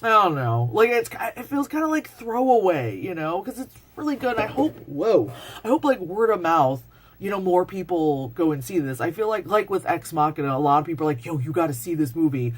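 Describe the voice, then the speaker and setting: A woman's voice: fairly low pitch, brisk. Rambling woman reviewing a movie. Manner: rambling, full of "like" and swearing; excitable, acts out scenes in voices. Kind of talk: casual spoken movie review. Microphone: phone.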